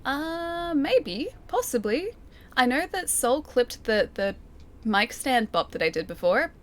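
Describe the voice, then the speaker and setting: A woman's voice: high voice, big pitch swings, slow. A woman streaming a game, chatting casually, reading chat aloud and laughing often. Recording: game music behind.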